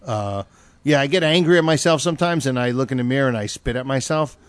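Male podcast host, mid-pitched, rambling and self-deprecating, dry close mic. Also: quick pace, clear, resonant tone, dry recording. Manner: rambling, self-deprecating, many fillers and restarts. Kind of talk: casual chat.

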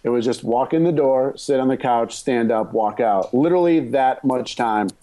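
A man's voice: medium pitch, normal speed, mellow. A man chatting casually on a podcast about bad movies, rambling and joking as he goes. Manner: rambling, self-interrupting, joking.

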